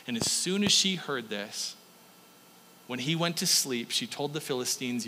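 A man preaching a sermon in an animated storytelling way, with chuckling asides. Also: medium pitch, measured pace, in a large hall, a little hiss or hum, low-quality recording.

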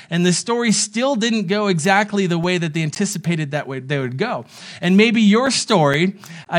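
A man with a notably high, light voice preaches to a church congregation watching online. He tells a story in an easy, conversational way, dropping into playful acted-out dialogue and humorous asides. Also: a bit bright. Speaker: pastor. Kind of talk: sermon. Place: church service streamed online.

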